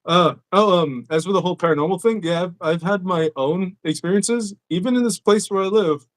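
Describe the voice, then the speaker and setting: Male podcast host, slightly high voice, loose and profane storytelling. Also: a little fast. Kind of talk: casual chat.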